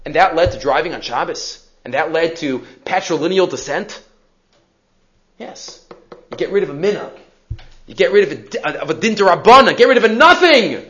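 Animated man teaching a Torah class. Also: high-pitched, normal speed. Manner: animated, acts out the sons' questions, mixes Hebrew terms. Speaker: rabbi teaching a Haggadah class. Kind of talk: lively Torah lecture. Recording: dull lo-fi recording.

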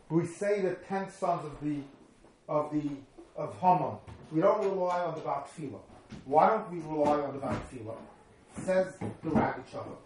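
A man's voice: fairly high pitch, a little mellow. A man, a rabbi, gives a Talmudic lecture on Jewish law in an explanatory, sing-song study-hall cadence.

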